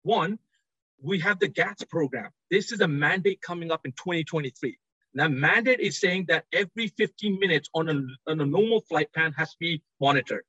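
A man with a British accent, a company executive pitching enthusiastically in an interview over a video call from a trade show floor. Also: sharp tone, slightly rough, no room sound, highs cut off. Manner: enthusiastic, rapid sales pitch.

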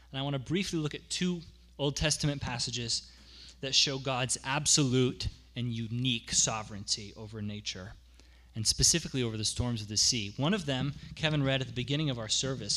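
A man delivers a sermon from the pulpit in an easygoing, explanatory way. His voice is bright and forceful at a middling pitch. He leans on repetition to drive points home. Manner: conversational, explains with asides and repeats for emphasis. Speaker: pastor.

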